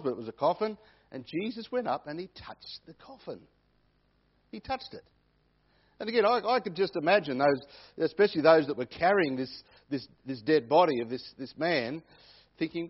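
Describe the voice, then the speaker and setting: Male preacher, slightly high and husky voice, dull lo-fi recording, sermon delivery. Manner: repeats key phrases for emphasis.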